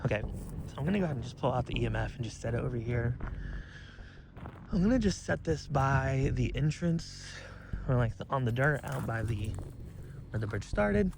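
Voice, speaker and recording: A young man hosting a ghost-hunting vlog, calling out to spirits in a hushed, nervous way outdoors at night by a bridge in the woods. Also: medium pitch, lively intonation, moderate pace, creaky, pauses often, noisy background. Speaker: paranormal investigator and host.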